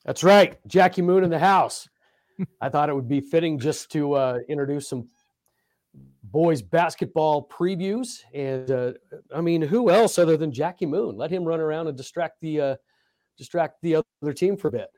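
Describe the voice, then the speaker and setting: A man's voice: fairly high pitch, normal speed, mellow, dry recording, studio quality. A middle-aged man, a basketball coach, co-hosting a casual sports podcast with a laid-back, laughing manner.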